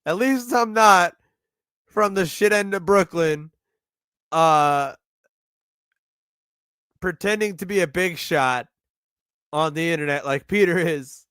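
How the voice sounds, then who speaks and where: A man's voice: high-pitched, takes it slowly, long pauses, a bit bright, clean tone, no room sound, studio quality. A man with a New York accent giving sardonic, profane live commentary on a video he is watching. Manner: sardonic, profane, rambling asides. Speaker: streamer reacting to a video.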